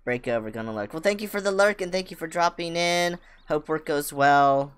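A woman streaming a farming game, chatting casually with viewers and cooing excitedly at her animals. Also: normal speed, smooth. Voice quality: low voice that jumps high with excitement. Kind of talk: casual gameplay chat.

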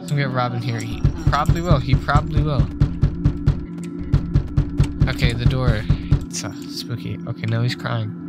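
Young man streaming, joking and swearing. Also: medium pitch. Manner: joking, chatty, swears a lot, gets jumpy when scared. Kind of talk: casual livestream chat while gaming. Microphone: desk microphone.

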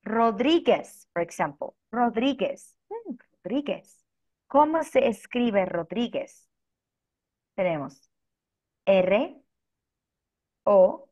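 A woman teaching an online language class, speaking slowly and patiently and spelling words out letter by letter. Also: medium pitch. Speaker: Spanish teacher. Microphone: video call. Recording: dull lo-fi video call audio.

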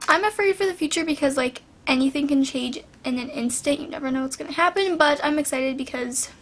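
A high-pitched teenage girl talks straight to her camera at home, answering viewer questions in a loose, rambling chat. Her voice is rough and hoarse after a recent sinus infection. She strings thoughts together with "like" and "um". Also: fairly quick. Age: teens. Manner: rambling, filler-heavy, lots of "like". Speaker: vlogger.

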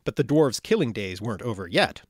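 A man narrates a scripted explainer with an animated, up-and-down delivery. His tone is clear and explanatory, with dry little asides. The sound is close and dead, with no room around it. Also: fairly low pitch, a little fast, dry recording. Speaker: educational video narrator.

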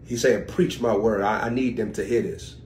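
With slight background noise, an American preacher streams a sermon live, reading scripture slowly and then unpacking it through informal chatter to viewers. His tone is steady overall, though his pitch and loudness shift suddenly.

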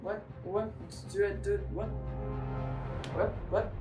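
A woman playing a VR game who chats to herself in an excitable way, with many exclamations, recorded from a distance in an echoey room. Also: mid-range voice, unhurried, long pauses, faint music behind. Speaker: gamer streamer.

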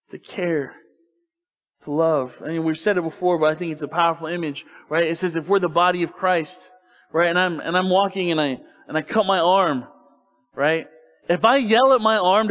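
A pastor with a high, fairly bright male voice preaches a sermon in a church sanctuary. He talks casually to the congregation and asks rhetorical questions.

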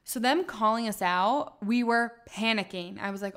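A woman's voice: on the high side, normal speed, fairly bright tone, smooth. A young woman hosting a podcast, telling a travel story casually, with dramatic retelling and lots of fillers. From United States. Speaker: podcast host.

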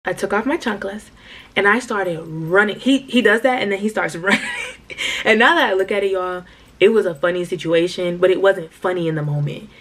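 Speaking fairly quickly at medium pitch, a young woman vlogs a storytime for her followers, full of slang and energy, addressing them as "y'all."

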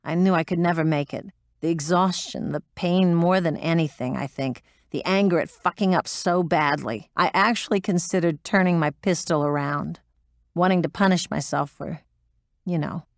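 A woman's voice: on the low side, normal speed, no room sound, clean studio sound, natural voice. An actress playing a blunt, profane former woman pilot recounting her story in an interview. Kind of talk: audiobook drama performance.

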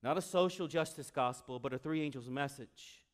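A male pastor preaching a sermon, animated, swinging from loud exclamations to quiet, intimate asides. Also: mid-range voice, normal speed.

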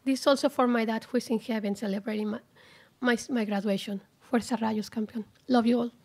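A woman in her forties giving a heartfelt, halting graduation speech at a ceremony. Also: fairly high pitch, steady tone, a little mellow, a little hiss or hum. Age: 40s. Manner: heartfelt, emotional, halting with restarts. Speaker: graduating student speaker.

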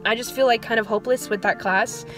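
Young woman teacher, 20s, vlogging, dejected and rambling, pitched a bit high. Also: steady tone, quick pace, soft background music. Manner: rambling storytelling, filler "like" throughout. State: dejected, low on motivation. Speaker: elementary school music teacher. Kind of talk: casual vlog venting.

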